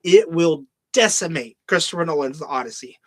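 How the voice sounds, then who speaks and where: A man's voice: on the high side, animated, moderate pace, no room sound. A man hosting a podcast, ranting in casual, heavily profane commentary, now and then mocking film lines in a put-on voice. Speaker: podcast host.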